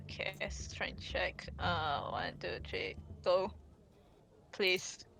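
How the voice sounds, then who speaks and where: Woman player, giggly, drawn-out delivery. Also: on the low side, steady tone, creaky, a bit bright, soft background music. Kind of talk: casual tabletop play.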